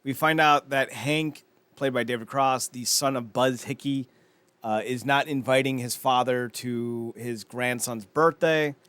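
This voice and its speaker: A man's voice: mid-range voice, steady tone, measured pace, fairly bright tone, clean tone, no echo. A man co-hosting a casual podcast, recapping TV scenes by acting out the characters' lines. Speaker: podcast co-host. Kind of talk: casual chat.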